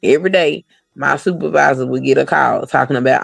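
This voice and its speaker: A woman's voice: deep voice, lively intonation, fairly quick, creaky, a bit bright, dry recording. Blunt, profane woman telling stories. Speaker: podcast co-host. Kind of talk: casual chat.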